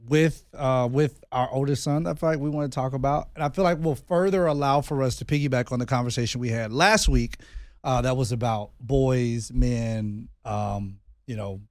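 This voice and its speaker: A man's voice: mid-range voice, normal speed, a little mellow, dry recording, studio quality. A man in his thirties co-hosting a casual podcast, talking in a loose, rambling way with many fillers and restarts. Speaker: podcast co-host. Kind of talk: casual chat.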